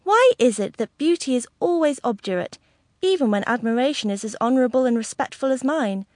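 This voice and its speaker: A woman voicing an eccentric old gentleman who woos in a slow, pleading, languid way, with a raised pitch. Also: animated, no echo, studio quality.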